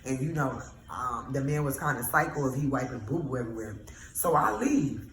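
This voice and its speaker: A woman telling a storytime vlog in a casual, animated, exasperated way, swearing freely. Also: rumbling low, a little fast, roomy sound, a little hiss or hum, poor audio.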